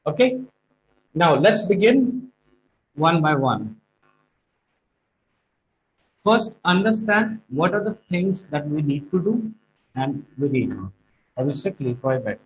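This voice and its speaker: A man teaching speaking exam tips, stressing key words and slowing down to make points. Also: a little high, animated, slight background noise, rough recording. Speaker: IELTS tutor.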